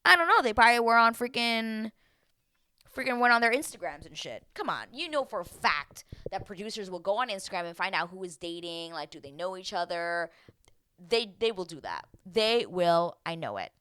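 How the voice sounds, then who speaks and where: A woman's voice: medium pitch, sing-song, moderate pace, bright, forceful tone, clear, resonant tone. A young woman hosting a casual reality-show recap, chatting loosely, acting out quotes and swearing now and then. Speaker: TV recap host.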